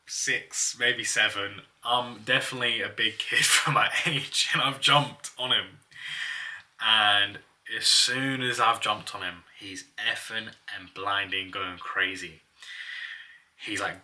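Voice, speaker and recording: Chatty man, bright tone. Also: fairly low pitch, steady tone, a little slow, distant mic. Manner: chatty, laughs often while telling stories. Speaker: vlogger. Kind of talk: casual personal storytelling.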